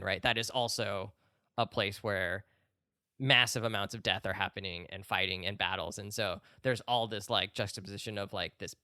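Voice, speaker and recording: A man's voice: on the low side, sharp tone, smooth, no room sound, studio quality. A man co-hosting a podcast, casually explaining a film while rambling and filling his talk with "like". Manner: rambling, loaded with "like" fillers. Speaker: podcast co-host. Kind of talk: casual chat.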